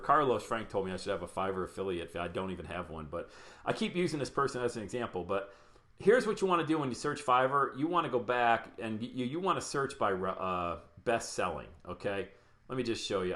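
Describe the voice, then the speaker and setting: Energetic man coaching a live webinar. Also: lowish voice. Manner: energetic, chatty, greets viewers by name. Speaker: podcast coach.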